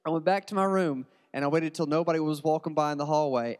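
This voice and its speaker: A man's voice: on the high side, fairly even intonation, fast, few pauses, a little mellow, big-room sound. A man preaching in a church, telling a joking childhood story in a loose, conversational way with many restarts. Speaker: pastor. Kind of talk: storytelling sermon.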